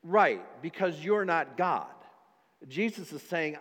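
Slow and expressive, a pastor's fairly high, fairly bright voice fills a church hall with a long reverb tail. He reads scripture in old-fashioned wording and acts out the story's doubting listeners.

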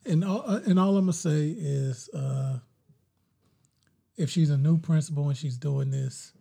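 A man's voice: a little high, measured pace, gravelly, dark tone, slightly rough. A man co-hosting a podcast in casual chat, often chiming in to agree. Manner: agreeable, frequent "yeah" backchannels. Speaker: podcast co-host.

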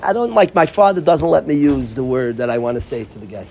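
A man giving an informal talk to dorm counselors, animated, acting out quoted voices and often restarting his sentences. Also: mid-range voice, quick pace, very noisy. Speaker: yeshiva speaker addressing dorm counselors.

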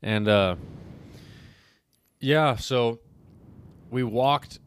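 A man's voice: mid-range voice, drawn-out words, clean tone. A man chatting casually on a podcast, telling a laid-back story and mimicking the people he quotes. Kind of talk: casual chat.

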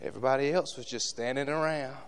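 A preacher delivers a passionate sermon in church, swinging between loud shouts and hushed asides to the congregation. His voice is medium-pitched, clear, and resonant, and he talks fast.

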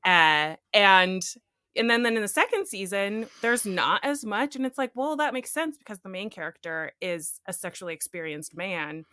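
A woman's voice: medium pitch, lively intonation, normal speed, bright, forceful tone, no room sound, clean studio sound. A woman co-hosting a casual podcast, chatty and laughing often, with many fillers. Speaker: podcast co-host.

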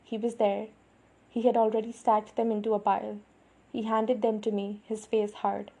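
A woman reading a novel aloud in the first person, with even, measured storytelling. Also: medium pitch, breathy edge. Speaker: audiobook narrator.

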